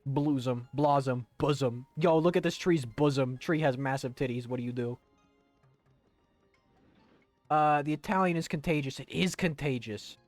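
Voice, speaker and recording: A man's voice: fairly high pitch, fairly quick, few pauses, no room sound, soft background music. A young man chatting loosely while playing a video game on stream, joking and rambling. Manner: rambling and jokey, breaking into silly voices. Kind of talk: casual let's-play commentary.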